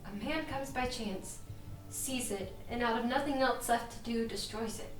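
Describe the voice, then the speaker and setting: An actress playing a weary, heartbroken young actress, speaking haltingly with stammered restarts, in a filmed stage drama scene. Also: female voice, on the high side, close to an everyday voice. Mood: exhausted. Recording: roomy, distant mic with music.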